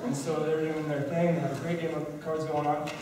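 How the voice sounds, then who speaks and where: A young man spins a loose, filler-heavy story while doing a card trick on stage. His voice sits a bit high for a man and sounds distant from the mic. The sound carries a heavy hall echo over steady room noise. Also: brisk. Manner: rambling, casual, full of fillers. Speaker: magician performing at a talent show. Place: college talent show stage, large room. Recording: echoey hall, voice far off, noisy.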